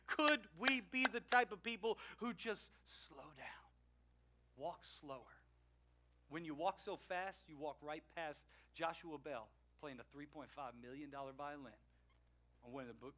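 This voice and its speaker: A man preaching a sermon, swinging between loud emphatic lines and quiet asides, and acting out the people he quotes. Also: a little high. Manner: acts out quoted people in changed voices. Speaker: pastor.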